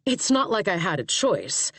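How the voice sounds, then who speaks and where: A woman's voice: mid-range voice, very animated, normal speed, no echo. A woman voicing a blunt, terse female special agent and former sniper.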